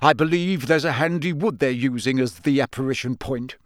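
A man's voice: mid-range voice, fairly quick, no echo, clean studio sound, close to an everyday voice. A man voicing a mild, cheerful middle-aged wizard father who explains things patiently. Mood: explaining.

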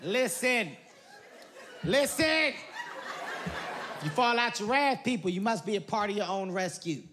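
A woman's voice: medium pitch, lively intonation, measured pace, a crowd in the background, background noise, natural voice. A comedian playing a businesslike female rafting guide reading out safety rules in a live stand-up set. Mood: bossy.

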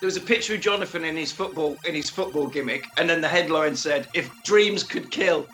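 Man, podcast co-host, high voice, bright, joking retelling. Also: fast talker, soft background music. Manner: animated, joking retelling with acted-out quotes. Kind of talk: casual chat recapping a film.

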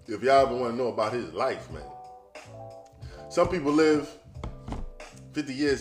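An animated man holds forth in a casual podcast monologue, cursing freely and talking straight to his listeners. His voice sits at an ordinary middle pitch. The room is echoey and faint music plays underneath. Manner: loose, profane and animated, addressing listeners directly. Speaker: podcast host.

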